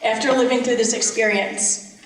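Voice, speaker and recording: A woman's voice: a little high, steady tone, normal speed. Mother reading testimony in echoey hall. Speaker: parent. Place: large hearing room. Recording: echoey room from far off.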